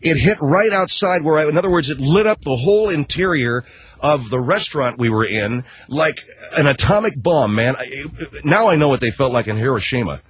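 Speaking at a normal pace, this middle-aged man's slightly high voice stays animated throughout. As a talk show host, he delivers a comedic rant monologue that rambles, drips with sarcasm, swears casually, and keeps correcting itself.

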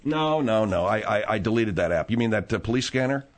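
A man's voice: lowish voice, fairly quick. A man hosting a comedy talk radio show, reading news items and bantering with exasperated humor. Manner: animated, exasperated, jokey. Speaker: radio host.

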